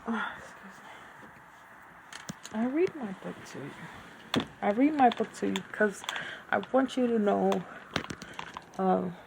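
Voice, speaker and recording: A woman who hosts a podcast, reading her own fiction aloud and then chatting casually, with slow, deliberate enunciation and rambling asides. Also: mid-range voice, gravelly, noisy background. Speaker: podcast host and author.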